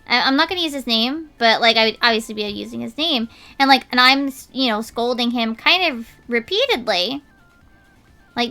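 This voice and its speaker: Bright, high-voiced woman streamer chatting. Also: moderate pace, smooth, faint music behind. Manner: animated storytelling, indignant retelling, casual filler words. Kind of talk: casual chat while drawing on stream.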